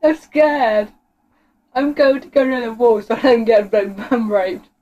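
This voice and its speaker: High-voiced giggly woman gaming. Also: moderate pace, mellow, highs cut off. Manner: giggly, frightened squeals and laughter. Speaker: gamer. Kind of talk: horror game commentary.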